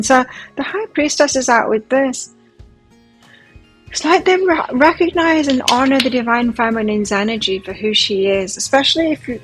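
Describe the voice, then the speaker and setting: Excitable woman reading tarot cards. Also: on the high side, poor audio. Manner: excitable, gasping and exclaiming over cards. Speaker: tarot reader. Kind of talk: pick-a-card tarot reading.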